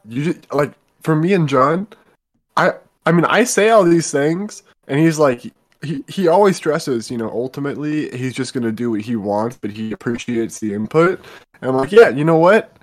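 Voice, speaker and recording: A man's voice: fairly high pitch, lively intonation, normal speed. A man co-hosting a podcast, rambling chummily in casual chat. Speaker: podcast co-host.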